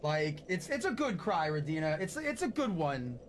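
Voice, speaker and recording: A young man with a fairly high, sing-song voice streams a game at normal speed, with some faint hiss or hum and game music behind him. Tearful and grateful, he swears a lot as he chats emotionally with his viewers.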